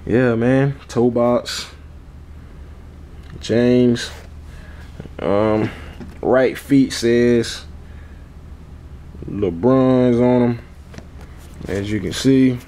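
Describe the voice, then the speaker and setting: A man's voice: mid-range voice, steady tone, extremely slow, pauses often, dark tone, slight background noise. Laid-back man chatting about sneakers. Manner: laid-back, repeats "man" and "you all" a lot; chuckles often. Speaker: sneaker vlogger. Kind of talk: casual chat.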